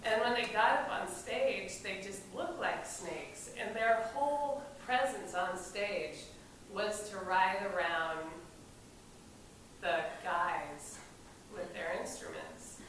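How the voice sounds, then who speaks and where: A woman recounts an old anecdote in a slow, casual way, often laughing and cursing as she tells it. Her voice comes from far off in a very echoey room. There is a steady hum of noise behind her. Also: medium pitch. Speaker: storyteller at a memorial event. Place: event space during a film screening.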